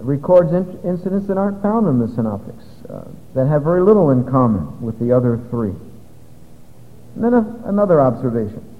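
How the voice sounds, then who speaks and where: A man teaching an evening Bible study to a live audience, explaining step by step in a conversational way. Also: a little high. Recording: dull lo-fi recording with long hall reverb.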